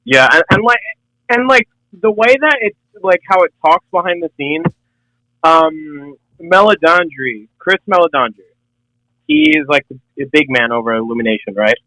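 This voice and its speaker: Bright, high-voiced young man joking. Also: moderate pace, dry recording, poor audio. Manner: jokey, full of "like" fillers. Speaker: podcast co-host. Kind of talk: casual chat.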